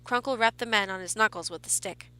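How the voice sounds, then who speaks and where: A woman narrating a horror story in a measured reading with small restarts. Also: mid-range voice, bright, forceful tone, smooth.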